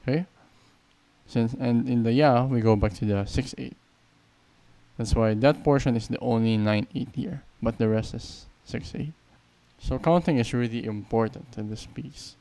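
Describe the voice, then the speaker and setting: A man's voice: medium pitch, moderate pace, dark tone, no echo. A man teaching a piano tutorial, counting beats aloud and explaining patiently. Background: piano playing.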